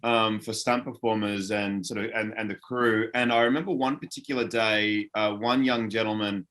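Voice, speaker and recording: A man's voice: on the low side, fairly even intonation, normal speed, a bit bright. A man chatting as a guest on an online panel, telling enthusiastic, rambling stories over a video call. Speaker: panel guest, former series actor. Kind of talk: casual panel chat.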